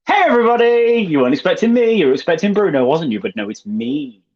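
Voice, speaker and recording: Playful British man, husky and lively. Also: on the high side, fast talker. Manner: playful, teasing introductions. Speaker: co-host. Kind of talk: casual podcast chat. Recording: dull lo-fi sound.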